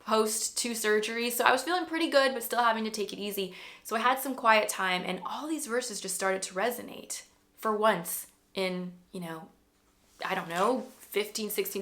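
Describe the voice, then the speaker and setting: A woman's voice: medium pitch, a bit bright. A woman in her thirties telling her personal faith story to her own camera in a casual, earnest and emotional way, rambling and restarting as she goes. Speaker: vlogger sharing a faith testimony. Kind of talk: casual spoken testimony. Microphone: self-filmed camera.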